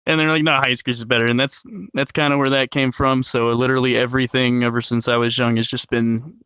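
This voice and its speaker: A young man telling crude stories in casual chat, laughing often and yelling out the lines he quotes. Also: mid-range voice, flat delivery, quick pace, clear, resonant tone. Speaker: comedian guest. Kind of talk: casual storytelling.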